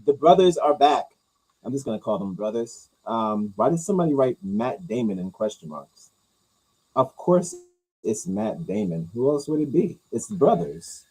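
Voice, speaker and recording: Husky, rambling podcast host. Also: male voice, big pitch swings, normal speed, rough recording. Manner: rambling, jokey, swings loud and high for bits. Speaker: podcast host reading comments. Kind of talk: casual riffing commentary.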